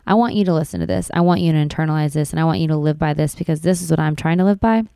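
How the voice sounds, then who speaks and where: Young mother vlogger, earnest and emphatic, low smooth voice, dry close sound. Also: expressive, rapid-fire, warm tone, dry recording. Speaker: vlogger mom. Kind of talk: heartfelt personal vlog talk.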